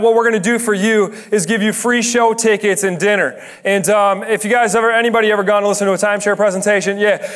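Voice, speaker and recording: A young man giving a chatty, joking sermon that tells a story and builds to shouted emphasis. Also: high-pitched. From Dutch heritage. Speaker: guest preacher.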